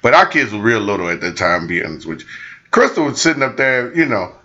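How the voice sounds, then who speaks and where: A bright-voiced man tells a story in casual chat. His pitch swings widely as he acts out what others said. The recording sounds dull and lo-fi. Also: quick pace. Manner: animated, acts out quotes with big jumps in pitch. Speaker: co-host.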